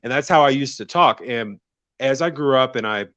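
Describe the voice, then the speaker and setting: A man's voice: mid-range voice, normal speed, dry recording, muffled recording. A man from the American South, a guest telling stories in casual conversation, laughing often. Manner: laughs often, relaxed storytelling.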